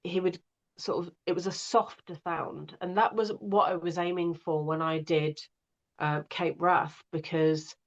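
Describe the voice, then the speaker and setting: Woman narrator, halting chat. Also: lowish voice, highs cut off. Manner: hesitant, many restarts and fillers. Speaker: audiobook narrator. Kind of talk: casual interview chat.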